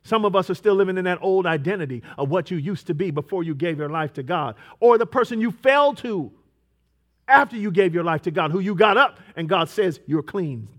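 A man preaching a sermon, moving between quiet storytelling and loud, emphatic preaching with repeated rhetorical questions. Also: high-pitched, animated, a little fast.

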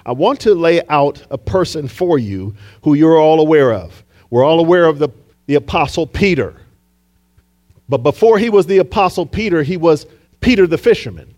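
This pastor's voice is fairly high, animated, and a bit dark in tone, and he speaks at normal speed. In his sermon, he dramatizes a story, performs the quoted lines, and prompts the congregation to respond.

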